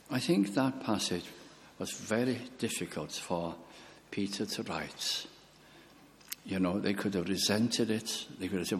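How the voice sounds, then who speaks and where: A man preaching a sermon slowly and earnestly, lifting his voice on key words. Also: lowish voice, animated. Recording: long hall reverb.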